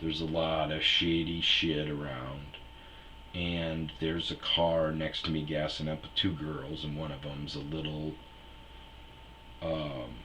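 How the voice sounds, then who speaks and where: Deep-voiced man telling a rambling story. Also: little pitch movement, slow pace, bright, forceful tone, a little hiss or hum. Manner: rambling anecdote with crude humor and acted quotes. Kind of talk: casual storytelling.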